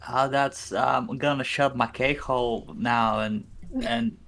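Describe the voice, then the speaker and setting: A man's voice: mid-range voice, fairly even intonation, unhurried, creaky, fairly bright tone. A man playing in a tabletop game, speaking hesitantly and stammering over his words.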